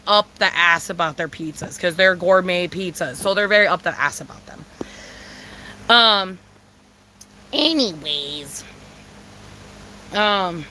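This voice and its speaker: A woman's voice: mid-range voice, bright, forceful tone, slight background noise, low-quality recording. A young woman vlogger telling a rant in a casual storytime style, profane and exasperated, full of "like" and "bro". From San Diego, California.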